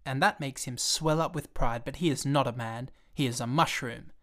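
A man's voice: medium pitch, moderate pace, fairly bright tone, natural voice. A man voicing a small, earnest and stubborn boy prince in a storybook reading, asking questions and growing indignant when upset.

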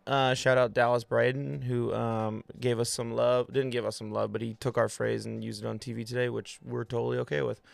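A man's voice: mid-range voice, creaky, smooth, no room sound. A man co-hosting a fan podcast, talking loosely with lots of fillers. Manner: loose, rambling, with many fillers. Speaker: podcast co-host. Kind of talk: casual chat.

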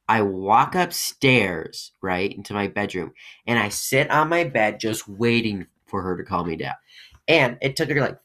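A man's voice: medium pitch, a bit bright. Rambling young man telling a story. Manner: rambling, halting, many fillers and restarts. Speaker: podcast host. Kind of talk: personal storytelling.

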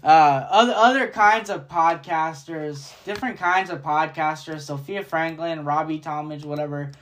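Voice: mid-range voice, moderate pace, a bit bright. A podcast host delivering a casual solo rant, profane and rambling, jumping between thoughts.

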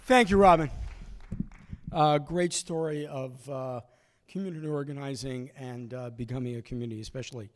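A man hosting a storytelling night, introducing the next speaker with hesitant pauses and fillers. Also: medium pitch. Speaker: event host.

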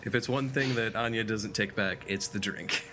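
Low-voiced man thinking aloud. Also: moderate pace, noisy background. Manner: thinking aloud, self-correcting. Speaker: player. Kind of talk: casual tabletop play.

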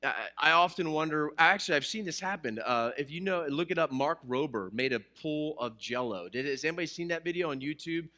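A male pastor preaching a sermon in a church with a bright, forceful voice pitched a little high. He keeps it conversational, cracking jokes and asking the congregation questions as he goes. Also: lively intonation, brisk, hardly any pauses. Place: church, addressing a live congregation.

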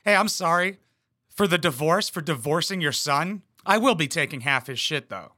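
A young man riffing over a reality show clip, dropping crude jokes in a deadpan, sarcastic tone. His voice is bright and forceful, a little high for a man, and the sound is dry and close. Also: normal speed, dry recording. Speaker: reaction commentator.

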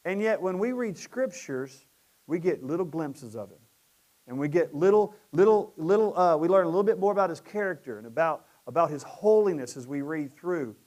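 A middle-aged male pastor with a high voice preaches a sermon in a relaxed, conversational way, lifting into emphatic peaks now and then.

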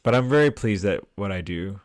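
A tired man hosts a livestream at his home desk, talking into a close desktop mic in a somewhat low voice. His delivery is loose and rambling as he reads viewer comments aloud, with the odd curse word. The sound is dry, with no room echo. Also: lively intonation, fairly quick. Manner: rambling, chatty, swears freely. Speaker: podcast host. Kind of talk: casual livestream chat reading viewer comments. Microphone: desktop mic with headphones.

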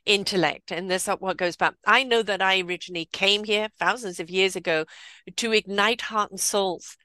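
A woman's voice: medium pitch, moderate pace, sharp tone, no room sound. A woman hosting a casual spiritual conversation over a video call, speaking earnestly and emphatically, often repeating her phrases. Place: home, remote from guest.

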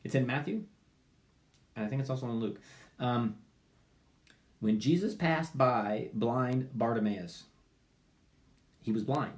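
A man pastor preaching a sermon, animated and acting out the people in his story with loud pleading cries and quiet muttered asides. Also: medium pitch, takes it slowly, long pauses.

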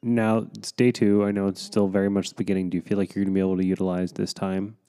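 A man's voice: deep voice, little pitch movement, quick pace, dark tone, clean tone. A man co-hosting a casual chat, chiming in with short dry remarks and finishing her sentences. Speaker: podcast co-host.

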